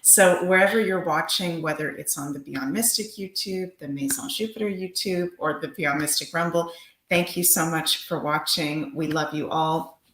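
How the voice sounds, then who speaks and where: A low-pitched woman co-hosts a livestream in casual chat. She talks in an upbeat, gushing way. Her voice rings out in a noticeably echoey room. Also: moderate pace, a bit bright, slight background noise. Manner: upbeat, gushing promotional talk. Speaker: livestream co-host.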